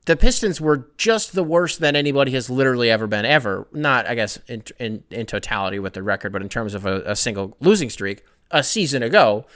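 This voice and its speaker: A man's voice: medium pitch, fairly bright tone, clean tone. A young man hosting a sports podcast, ranting casually with profanity, rambling asides and self-corrections.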